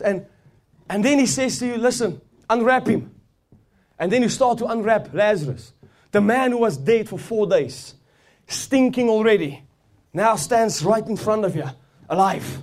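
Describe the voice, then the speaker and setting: A man's voice: high voice, animated, measured pace. A man preaching a sermon with fervor, repeating phrases and building intensity as he goes. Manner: fervent, rising and swelling as he preaches, with repeated phrases.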